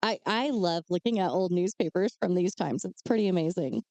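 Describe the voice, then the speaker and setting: A woman's voice: on the low side, lively intonation, a little fast, gravelly, a little mellow, no room sound. A woman co-hosting a podcast, telling true crime cases in a casual way with chatty asides. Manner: reads case details with chatty asides and fillers. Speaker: podcast co-host.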